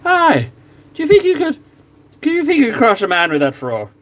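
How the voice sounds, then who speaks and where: A man doing a high, rough impression of a boastful young Scottish warrior with a Scottish accent. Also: wildly swooping pitch, fairly quick, fairly bright tone, exaggerated voice. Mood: challenging.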